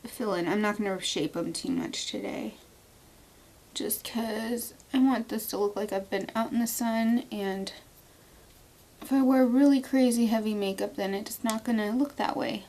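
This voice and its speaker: A woman's voice: medium pitch, expressive, unhurried, dark tone. A woman in her thirties chatting casually through a makeup tutorial at home, playful and prone to inventing silly words as she works. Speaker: beauty vlogger. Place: at home, indoors.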